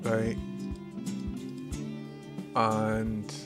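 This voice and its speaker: A man's voice: on the low side, monotone, extremely slow, over music. A Scottish man chatting and swearing his way through a live gameplay stream, talking to viewers as he plays.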